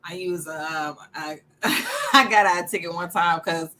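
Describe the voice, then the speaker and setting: A woman from Alabama with a Southern accent, telling animated stories in a casual podcast chat. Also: fairly low pitch, slow. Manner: animated storyteller, laughs often. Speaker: podcast co-host.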